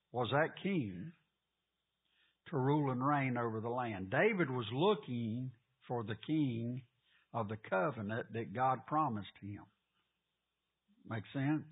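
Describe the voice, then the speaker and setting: A man teaching a Bible class, quizzing his listeners and repeating the key points. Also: mid-range voice. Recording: phone-like lo-fi, husky.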